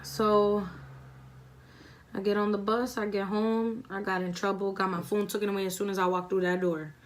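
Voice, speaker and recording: A woman's voice: medium pitch, little pitch movement, moderate pace, a little hiss or hum. A young woman vlogger who tells a story in a chatty, laid-back way while doing her makeup, swearing freely. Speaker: beauty vlogger.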